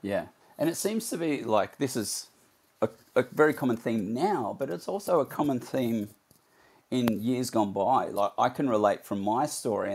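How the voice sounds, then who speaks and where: A man hosting a podcast, reflecting on his own story in a relaxed conversation. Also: medium pitch, slightly rough. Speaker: podcast host.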